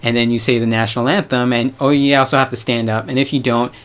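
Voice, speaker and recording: A man's voice: medium pitch, fairly even intonation, quick pace, a little hiss or hum. Rambling casual young man vlogging. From United States. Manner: rambling, hedging, casual slang. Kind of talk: casual vlog monologue.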